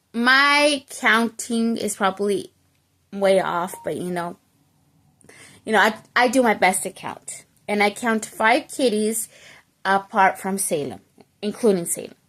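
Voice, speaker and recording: A woman telling a personal story in a casual vlog, animated and chatty, checking in with the listener and slipping into bits of Spanish. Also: medium pitch, a little slow. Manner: animated, keeps checking in with "okay?" and "you know?". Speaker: storytelling vlogger.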